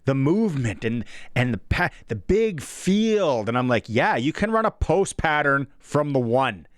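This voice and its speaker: A Canadian man co-hosting a sports radio show, telling stories in a casual and animated way and acting out the people he quotes. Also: medium pitch, measured pace, no echo, clean studio sound. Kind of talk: casual chat, storytelling.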